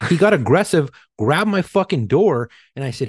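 A man's voice: medium pitch, animated, fast, hardly any pauses, a little mellow, slightly rough, dry recording, studio quality. A man co-hosting a casual podcast, telling a story in a blunt, profane way. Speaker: podcast co-host.

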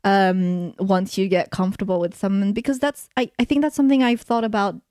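A woman's voice: medium pitch, fairly even intonation, a little fast, darkish tone, dry recording, studio quality. A woman co-hosting a casual podcast chat, thoughtful and steering the talk with questions. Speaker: podcast co-host.

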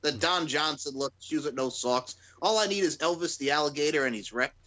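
A man's voice: fairly high pitch, fairly quick, pushed and bright, rough recording. Joking man on a wrestling podcast. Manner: crude, joking, laughs often. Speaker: podcast co-host. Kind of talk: casual wrestling chat.

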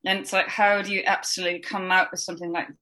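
A woman doing a stoic, regal alien scientist, hushed and formal. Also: lowish voice, level tone, fast talker. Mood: stiff. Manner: formal, lips barely moving, hushed.

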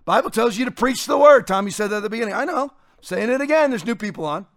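A middle-aged man, a pastor, preaching forcefully and quoting scripture, rising to shouts. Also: sits high, lively intonation, fast talker. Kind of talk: fiery preaching on a talk show.

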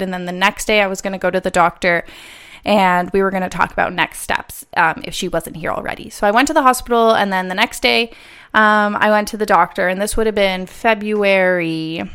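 A young woman tells a personal story in a loose, chatty vlog style. Her voice is smooth and clear at a middling pitch. She fills her sentences with fillers and laughs often as she talks. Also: a bit bright. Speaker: vlogger. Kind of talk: casual storytelling.

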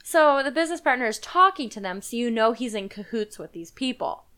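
Expressive and brisk, her high-leaning voice sharp yet clear and resonant, a woman rambles through a movie's plot in a casual podcast chat, using plenty of fillers and laughing often.

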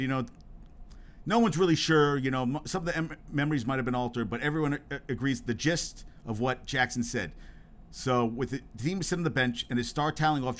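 A man with a mid-range, slightly bright voice hosts his own solo podcast. He rambles and swears, keeps restarting his sentences, and grows more worked up and emphatic as he goes.

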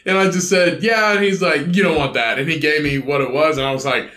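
A man's voice: fairly high pitch, brisk, bright, forceful tone, reverberant. A man co-hosting a podcast in casual chat, crude and jokey, laughing often. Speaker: podcast co-host.

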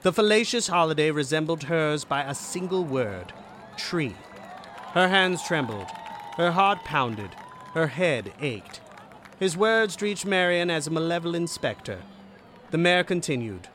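A man narrating an audiobook story in a dramatic, expressive way. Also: fairly high pitch, a little slow, a faint crowd, slight background noise.

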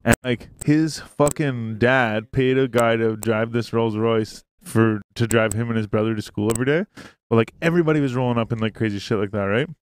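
A man's voice: mid-range voice, steady tone, brisk. Rambling, swearing male podcast host. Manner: rambling, swears often, laughs easily. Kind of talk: casual chat. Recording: faint hiss.

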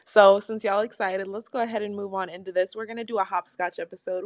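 An animated young woman co-hosting a podcast, her voice sitting at an ordinary middle pitch. She laughs easily, drops curses without pause and keeps a loose, chatty tone, recorded close and dry. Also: dry recording. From Pacific Northwest of the US. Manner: animated, laughs often, swears casually. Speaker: podcast co-host. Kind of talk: casual podcast chat.

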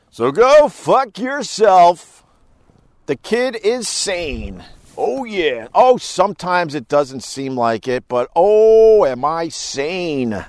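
A man's voice: fairly high pitch, clear, resonant tone, no room sound. Profane, rambling male live-streamer. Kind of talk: casual live-stream chat and storytelling.

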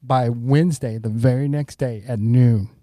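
Middle-aged male guest, warm, relaxed timbre, dry close sound, earnest rambling storyteller. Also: mid-range voice, moderate pace, no echo. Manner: rambling anecdotes with frequent "you know"; earnest, grateful tone. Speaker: podcast guest. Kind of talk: conversational storytelling.

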